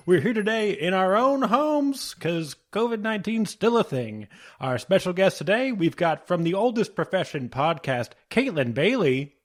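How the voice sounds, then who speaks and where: A man's voice: sits high, sing-song, moderate pace. A man hosting a podcast from home, chatting in a playful, joking way. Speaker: podcast host. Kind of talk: casual chat.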